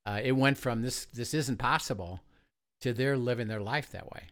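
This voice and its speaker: A man's voice: mid-range voice, moderate pace, fairly bright tone. A man who leads Christian retreats, telling a story in an earnest conversational way, with many "uh"s and "you know"s.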